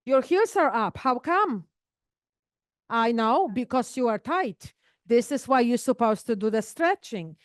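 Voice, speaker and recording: Casting note: high, clear-voiced woman therapist, speaks slowly to a class. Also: animated, dry recording, clean studio sound. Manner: slow, demonstrative, addresses class directly with questions. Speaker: physical therapist leading an exercise class. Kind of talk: live group health talk with demonstrations.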